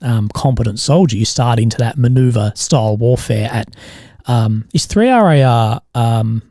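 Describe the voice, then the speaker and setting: A man's voice: mid-range voice, expressive, moderate pace, dark tone, no echo, clean studio sound. An Australian man hosting a podcast interview, chatty and casual, swearing and laughing easily. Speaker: podcast host.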